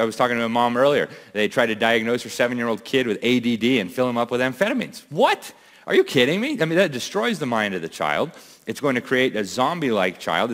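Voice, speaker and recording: A man's voice: medium pitch, fairly bright tone. Urgent, emphatic man in a hall. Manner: urgent and emphatic, with rhetorical questions. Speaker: conference speaker. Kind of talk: impassioned speech to a live audience. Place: large event hall.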